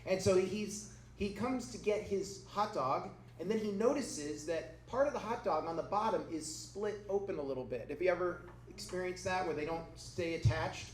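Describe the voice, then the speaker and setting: A man's voice: high voice, moderate pace. A middle-aged man, a pastor, giving a conversational sermon with humorous personal stories to a congregation. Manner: humorous, conversational, acts out quoted voices. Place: church hall before a congregation. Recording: echoey room with faint noise.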